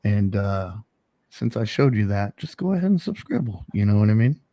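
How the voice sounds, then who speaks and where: A man's voice: fairly low pitch, sing-song, normal speed, warm tone. A man hosting a casual livestream chat, telling a story in a rambling, laid-back way with lots of fillers. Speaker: streamer host.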